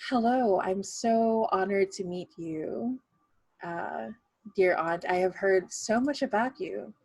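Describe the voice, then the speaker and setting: A woman's voice: mid-range voice, slow pace, vocal fry, a little mellow, no echo. A woman voicing a seductive snake spirit woman who talks in a silky, overly familiar way. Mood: sultry.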